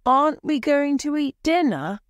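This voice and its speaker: A woman's voice: sing-song, slow pace, dry recording, studio quality. A woman voicing a frightened, pleading older woman. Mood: angry. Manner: pleading and high-strung. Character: frightened, guilty older woman, seventy-two. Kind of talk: audiobook character voice.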